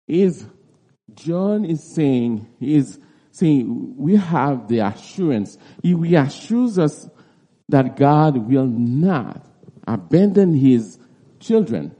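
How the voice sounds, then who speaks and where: A male preacher works through a Bible text at an unhurried pace. His voice is dark and mellow, and his delivery is halting, with words repeated as he restarts his sentences. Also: medium pitch, big pitch swings, slightly rough. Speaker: preacher teaching a Bible passage. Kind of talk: expository Bible teaching.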